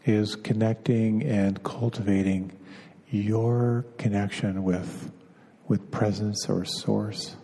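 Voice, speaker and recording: A man giving a dharma talk as a meditation teacher, gentle and unhurried, pausing often and repeating words as he searches for them. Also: on the low side. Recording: long hall reverb.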